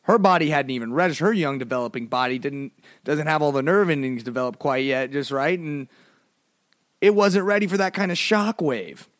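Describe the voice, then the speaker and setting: A man's voice: a little fast, no echo, studio quality. A man hosting a podcast, casually telling a funny childhood story, full of "like" and playful asides. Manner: animated, swings between low mumbles and high exclamations; lots of "like" fillers, playful. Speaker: podcast host.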